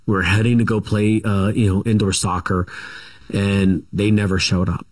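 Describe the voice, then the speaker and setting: Rambling low-voiced man telling stories. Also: flat delivery. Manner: rambling, halting, full of asides. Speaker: guest. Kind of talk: casual storytelling interview.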